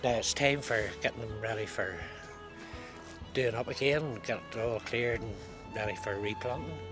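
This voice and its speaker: A man's voice: medium pitch, normal speed, music in the background. A man, speaking plainly as an allotment volunteer.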